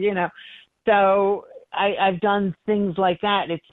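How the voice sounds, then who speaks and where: Middle-aged woman, psychic guest, animated storytelling, tinny phone-line sound, dry. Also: mid-range voice, slow, no room sound. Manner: animated, acts out quoted voices, laughs often. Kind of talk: emotional interview storytelling.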